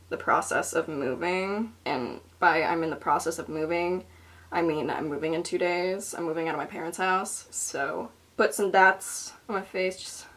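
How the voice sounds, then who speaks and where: A woman's voice: on the low side, fairly bright tone. A young woman rambling through a casual makeup tutorial in her bedroom, swearing freely and mocking herself as she goes. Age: young adult. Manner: rambling, profane, self-mocking. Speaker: beauty vlogger. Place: bedroom at home.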